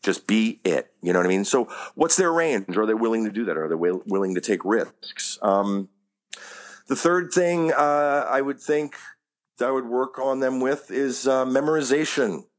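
A man's voice: mid-range voice, lively intonation, moderate pace. A man talking as an acting coach in a casual interview, rambling with lots of "you know what I mean" and casual swearing.

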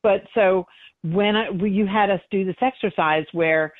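A woman's voice: medium pitch, normal speed, no room sound. A middle-aged woman psychic medium tells her stories animatedly, slipping into the voices of the people she quotes. Her voice comes through a thin, phone-like line. The sound is dry and close. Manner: animated, acts out quoted voices, laughs often. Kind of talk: emotional interview storytelling.

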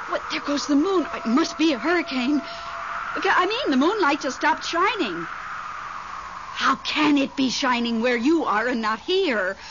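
A fluttery, easily startled widow in a 1970s radio drama, her voice fairly high and swinging widely in pitch. The recording is muffled and old, with a faint hiss. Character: lonely widow, nervous, clinging to memories. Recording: dull vintage radio broadcast with faint hiss.

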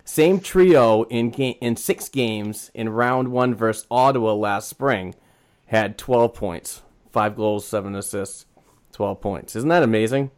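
A man's voice: fairly low pitch, takes it slowly. A man co-hosting a podcast, hesitant with many fillers, reading out numbers enthusiastically. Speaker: podcast co-host. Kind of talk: casual sports chat.

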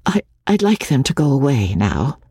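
A woman's voice: rumbling low, sing-song, normal speed, mellow, husky, no room sound, exaggerated voice. A woman voicing a distressed middle-aged woman in an audiobook, speaking in an urgent, pleading way. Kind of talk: audiobook character voice.

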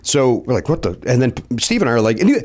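A man's voice: medium pitch, fast. A man telling a long anecdote in casual chat, acting out what people said with many restarts. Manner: animated, acts out quotes, restarts often. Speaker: storyteller guest.

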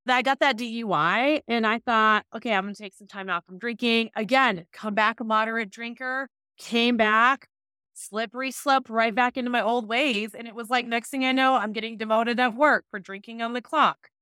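A woman's voice: a little high, fairly even intonation, normal speed, sharp tone, smooth, no echo, clean studio sound. A woman speaking as a podcast guest, telling her own story in a candid, casual way with many "like" fillers. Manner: open, casual, lots of "like" fillers.

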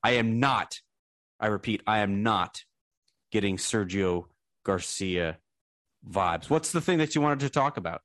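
A man in his thirties co-hosting a casual podcast, telling stories in an animated, self-deprecating way. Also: fairly low pitch, unhurried, pauses often, no room sound, studio quality. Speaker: podcast co-host.

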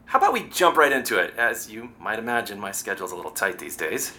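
An actor playing a brisk, persuasive political adviser in an audio drama. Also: male voice, fairly low pitch, sing-song, bright, forceful tone, heavily acted. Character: smooth political PR adviser man.

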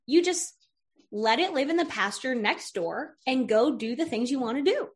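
Direction: you're a woman hosting a podcast, bright and higher-pitched, chatting casually with energy and play. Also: moderate pace. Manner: energetic, playful, uses vivid metaphors. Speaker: podcast host. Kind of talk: casual interview chat.

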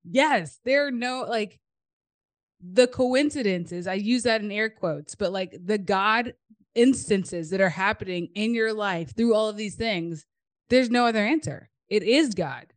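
A woman hosts a casual faith chat, excited and emphatic, punching her points home. Her pitch sits in the middle range. The sound is dry and close, with no room echo. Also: moderate pace. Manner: enthusiastic, emphatic asides with "okay?". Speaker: podcast host.

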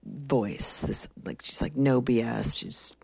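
Brief: low-voiced woman storyteller, husky with a dry close sound. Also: expressive, slow pace, darkish tone, no room sound. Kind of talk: comic storytelling monologue.

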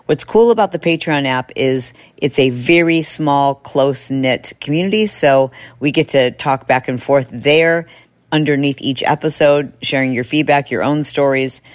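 A woman podcast host telling a story in a casual, animated way, acting out voices from it. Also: rumbling low, moderate pace, dry recording, poor audio. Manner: animated, acts out voices in her stories. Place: in a car. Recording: clear road noise behind.

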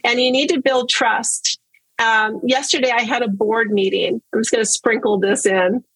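With a somewhat high, husky voice and a moderate pace, an earnest woman talks candidly about her own life as a guest. Her tone is relaxed and chatty, repeated words add stress, and the close, dry recording has no echo.

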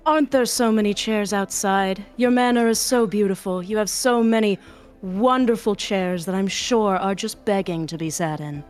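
A woman's voice: mid-range voice, normal speed, darkish tone, faint music behind, natural voice. A woman voicing a gun-toting adventurer who talks sugary and polite while carrying a threat. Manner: sugary and threatening, calls people matey and dear. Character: gun-toting woman adventurer, sweet-talking but menacing.

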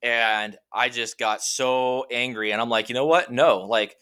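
At a measured pace, a Washington state man with a mid-range, clear and resonant voice tells a sprawling story from his life. He's a guest in a casual conversation, and his animated telling is full of fillers like "like" and "you know."

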